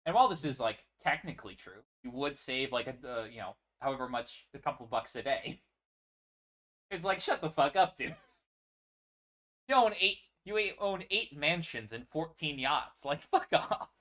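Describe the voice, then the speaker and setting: Animated, profane man talking about a series. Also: a little high, moderate pace. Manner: animated, profane, laughs often; frequent fillers and restarts. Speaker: show host. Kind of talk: casual commentary on a series.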